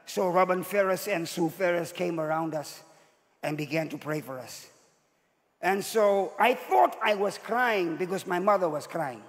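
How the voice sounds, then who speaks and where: A man in his sixties from Zimbabwe, preaching a sermon as a bishop and telling his story with sudden rises as he acts out the voices in it. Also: high voice. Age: 60s. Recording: long hall reverb.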